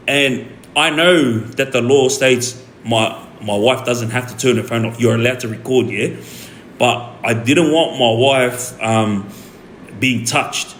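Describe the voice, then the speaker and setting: A young Australian man telling a story on his stream in a rambling, animated way, full of fillers and restarts. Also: medium pitch, normal speed. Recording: echoey room with faint ambient noise.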